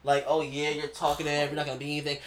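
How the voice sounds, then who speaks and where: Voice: mid-range voice, completely flat delivery, racing. A young podcast co-host in casual chat, rambling and profane, full of "like" and "it's like.". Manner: rambling, filler-heavy, profane.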